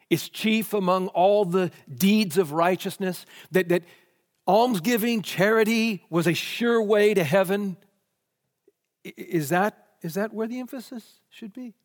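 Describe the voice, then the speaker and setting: A man's voice: sits high, big-room sound. A man preaching a sermon, posing question after question before answering them emphatically.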